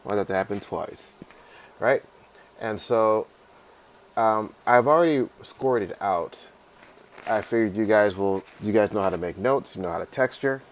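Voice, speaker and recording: A man teaching a class how to add lyrics in notation software, talking casually with fillers and checking in with "right?". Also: on the low side, normal speed. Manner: casual, repeats "right?" and fillers, sings melody snippets. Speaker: music teacher. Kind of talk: screen-recorded software tutorial.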